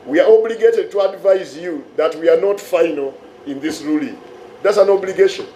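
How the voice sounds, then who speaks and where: A middle-aged man with a Ugandan accent and a hoarse voice, giving a stern, emphatic press briefing as head of a regulatory agency. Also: high voice, moderate pace, dark tone, slight background noise. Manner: stern, emphatic, with repeated words. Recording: echoey room.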